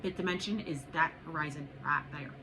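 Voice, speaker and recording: A woman's voice: deep voice, brisk. Blunt, profane woman giving a tarot reading. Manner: blunt, profane and emphatic, with repeated urging. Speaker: tarot reader. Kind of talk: spiritual tarot reading to viewers. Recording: noisy background.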